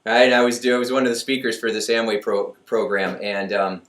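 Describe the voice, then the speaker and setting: A man giving a motivational talk in a chatty, animated way, laughing at his own jokes. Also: fairly low pitch, fairly quick. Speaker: motivational speaker. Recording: echoey room, voice from far off.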